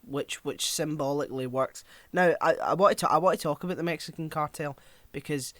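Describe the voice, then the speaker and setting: A man's voice: fairly high pitch, brisk, fairly bright tone, no echo. A man co-hosting a podcast, talking casually and steering the film discussion as he recounts scenes. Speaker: podcast co-host.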